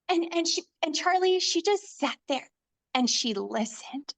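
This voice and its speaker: Woman guest, high voice, heartfelt and emphatic storyteller, casual chat. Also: lively intonation, a little slow, creaky, a bit bright. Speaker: podcast guest. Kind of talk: casual faith podcast chat.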